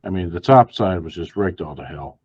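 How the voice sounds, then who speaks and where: A man's voice: deep voice, animated, fairly quick, a little mellow, husky, dry recording. A man playing in a tabletop game, making wry, joking remarks. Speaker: player. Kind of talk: casual play. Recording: dull lo-fi sound.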